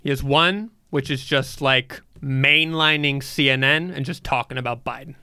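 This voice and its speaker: A man telling funny family stories in casual chat, excitable and acting out quotes. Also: mid-range voice, moderate pace, clean tone, no room sound, clean studio sound. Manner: excitable storyteller, acts out quotes.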